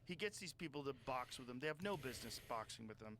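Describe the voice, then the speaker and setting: A man's voice: medium pitch, animated, quick pace, fairly bright tone, a little hiss or hum. A man talking animatedly and profanely as a podcast host in casual chat.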